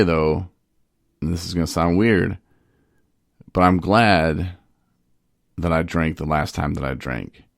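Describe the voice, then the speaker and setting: A man's voice: low-pitched, gravelly, dry recording, clean studio sound. A man telling a candid personal story in a loose, rambling way, full of "you know" fillers. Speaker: podcast host in recovery.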